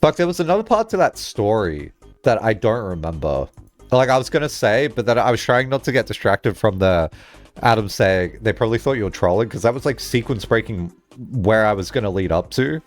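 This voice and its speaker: A man's voice: lowish voice, very animated, a little fast, faint music behind. A male streamer chatting casually while playing a game, rambling through a story with lots of "like" and swearing.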